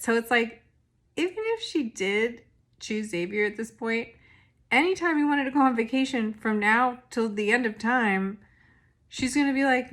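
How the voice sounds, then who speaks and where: A woman's voice: fairly high pitch, moderate pace, a bit bright. A young woman recapping a reality dating show in a rambling, casual monologue full of fillers and restarts. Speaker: recap podcast host.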